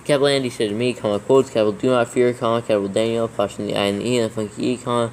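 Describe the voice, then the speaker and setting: In careful, deliberate dictation, a man proofreading scripture reads the passage aloud and calls out each punctuation mark and capital letter. His medium-pitched voice remains flat and even throughout, over a rough recording with a faint hiss beneath it.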